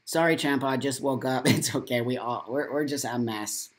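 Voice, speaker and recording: A man's voice: medium pitch, normal speed. Angry, profane man ranting on a livestream. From United States. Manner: angry, profane, emphatic and repetitive. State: upset and saddened. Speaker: live-stream host reading viewer comments. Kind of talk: morning live-stream commentary.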